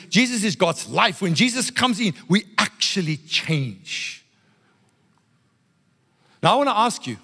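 A man preaching a sermon to a congregation as pastor, animated and playful, with call-and-response asides. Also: sits high, long reverb tail.

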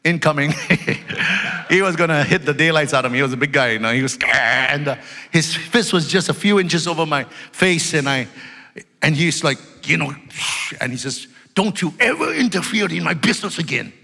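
A male pastor preaching an emphatic sermon in a church, loud at times and dropping into storytelling asides. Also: moderate pace. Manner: emphatic, loud, swings between shouting and low storytelling asides. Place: church sanctuary. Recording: long reverb of a large hall.

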